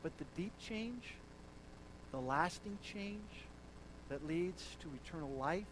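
Male preacher, high-set voice, slow delivery, dynamic swings from soft to forceful. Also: animated, background noise. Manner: swings from hushed lows to loud, emphatic declarations. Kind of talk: sermon.

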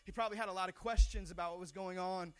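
High-voiced animated preacher, man. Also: fast talker, clear, resonant tone. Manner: animated storytelling, excitable. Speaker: pastor. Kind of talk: sermon.

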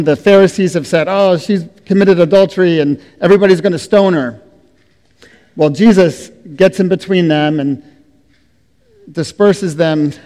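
A middle-aged man preaching a sermon as a pastor, speaking slowly and deliberately, letting his phrases trail off softly. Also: high voice. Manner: slow, deliberate preaching with soft trailing endings. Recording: long reverb of a hall.

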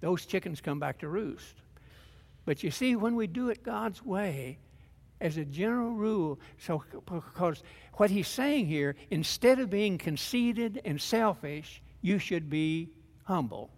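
An older pastor preaches in a high, light voice, talking plainly and folksy, stumbling over restarts before climbing into fervent emphasis. His voice rings out with a long reverb, as if heard across a large church hall. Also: expressive, measured pace, a little mellow. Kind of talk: sermon.

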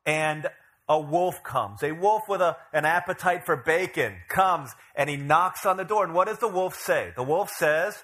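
A man's voice: a little high, moderate pace, bright, forceful tone. A male pastor giving a sermon, asking the congregation questions and retelling a familiar story with a light, joking touch. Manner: asks the congregation questions and retells stories with humor.

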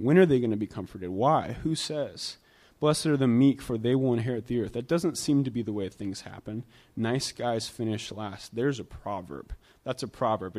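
A man preaching a conversational sermon in a church, with rhetorical questions that build emphasis. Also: mid-range voice. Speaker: pastor.

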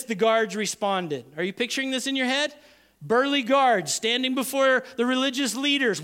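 High-voiced animated man preaching. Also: moderate pace, smooth. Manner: animated, acts out quoted voices. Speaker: pastor. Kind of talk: sermon.

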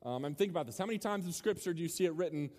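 A young man gives a relaxed, joking sermon and keeps tossing questions out to the room. His voice sits a little high for a man. A long reverb trails after each phrase in the big hall. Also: rapid-fire. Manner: casual, joking, quizzes the audience. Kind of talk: sermon to a student crowd. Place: large hall with a live audience.

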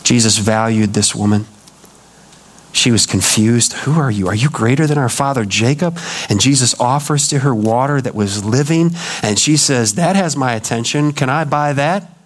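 In a church, a male pastor with a mid-range voice preaches a sermon at a moderate pace. He's dramatic, acting out the voices of the people he quotes.

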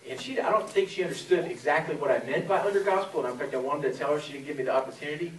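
A man's voice: on the high side, very fast, a little hiss or hum. A man in his forties from Florida, preaching a sermon as a pastor in a conversational storytelling way with many fillers. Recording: echoey room from a distance.

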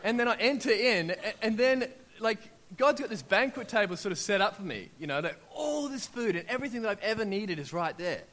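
A man in his thirties preaching with lively, story-driven energy. He acts out his own prayers as part of the telling. His voice sits a little higher than most men's. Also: fairly quick, hardly any pauses. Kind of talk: sermon.

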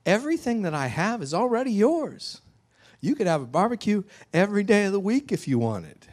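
A man voicing a loving father who gently and earnestly pleads with his son. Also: high-pitched, sing-song, fairly quick, pitched above the performer's own voice. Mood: pleading.

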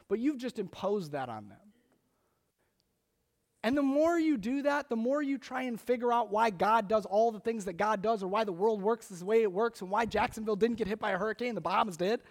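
A man preaching a sermon as a pastor, conversational and animated, with frequent restarts. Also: high voice.

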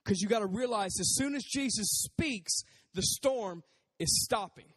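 A man preaching a casual sermon in a conversational, animated way, acting out voices as he talks. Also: sits high, a little slow, in a large hall.

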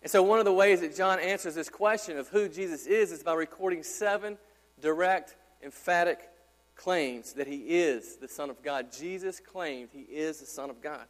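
A man's voice: on the high side, moderate pace. A man in his thirties, a pastor, preaching an emphatic sermon with repeated rhetorical questions. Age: 30s. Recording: long hall reverb.

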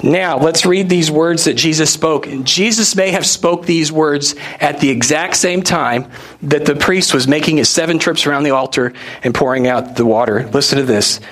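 A male pastor with a slightly high, somewhat bright voice preaches at a moderate pace. His sermon sounds like a story told to friends, loose and conversational, peppered with rhetorical questions for his listeners.

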